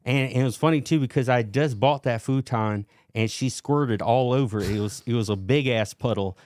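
A man's voice: medium pitch, moderate pace, a little mellow, dry recording, studio quality. A man casually telling wild party stories in a podcast chat, slangy and laughing at himself. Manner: laid-back, slangy, laughing at his own stories.

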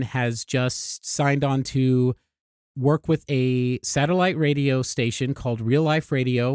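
Smooth-voiced upbeat podcast host man. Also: mid-range voice, a little mellow, no echo, studio quality. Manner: upbeat, laughs often, rambling restarts. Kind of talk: casual podcast chat.

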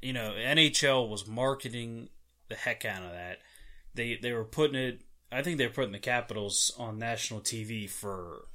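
A man's voice: medium pitch, moderate pace, sharp tone. A man co-hosting a sports podcast in casual, jokey banter, laughing often. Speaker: podcast co-host.

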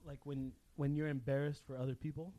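A man's voice: a little high, a little fast, dry recording. A young man co-hosting a casual podcast, telling an embarrassing story with lots of laughter and swearing. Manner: animated storyteller, laughs often, swears freely. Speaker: podcast co-host.

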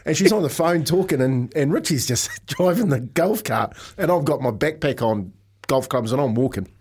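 A man's voice: medium pitch, animated, moderate pace, a little mellow, breathy edge. A man co-hosting a radio show in a studio, telling golf anecdotes in casual chat and laughing often as he goes. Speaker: radio co-host.

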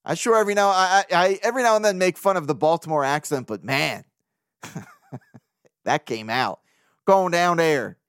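A man with a fairly high voice hosts a casual solo sports podcast. He talks loosely and jokes around, with easy swearing and frequent laughs. The sound is close and dry. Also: moderate pace, long pauses, a bit bright, no room sound. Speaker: podcast host.

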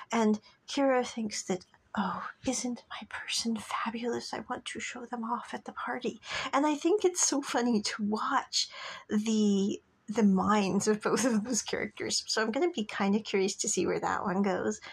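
Chatty woman podcaster, husky and gravelly. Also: mid-range voice. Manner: chatty, rambling, often drops to a whisper. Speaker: podcast host reviewing dramas. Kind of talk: casual solo podcast chat.

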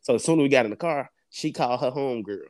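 A man's voice: mid-range voice, fast, no echo, clean studio sound. A young man tells a story in casual podcast chat, swearing and laughing often. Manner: animated, profane, laughs often. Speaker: podcast co-host.

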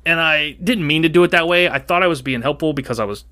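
Bright, animated man in casual podcast chat, rambling storyteller. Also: a little high, fast. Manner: rambling, animated, acts out quoted dialogue. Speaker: podcast co-host.

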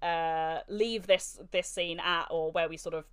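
A woman's voice: on the low side, unhurried, clean tone. A woman co-hosting a podcast, telling stories with frequent giggles. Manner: giggly, animated storytelling. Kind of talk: casual podcast chat.

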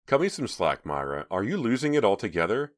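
A man's voice: lowish voice, sing-song, a little fast, voice pushed up. A man reading an audiobook, voicing a scornful teenage girl who talks sarcastically. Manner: sarcastic, scoffing.

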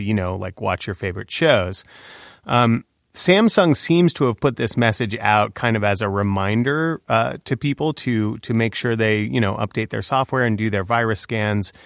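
A man radio tech correspondent explains a story in a casual, chatty way. He uses plenty of fillers. His voice is on the low side, and the booth sound is dry. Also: dry recording.

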